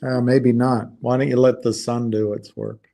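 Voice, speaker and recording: A man's voice: medium pitch, flat delivery, moderate pace, creaky, dark tone. A man co-hosting a stock market talk show, making brief, dry remarks to his partner. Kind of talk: casual market talk with a co-host.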